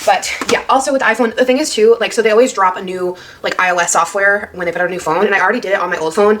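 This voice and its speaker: A woman vlogging casually on a phone while cooking, chatty and excitable with many fillers. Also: mid-range voice, racing, noisy background. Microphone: phone camera.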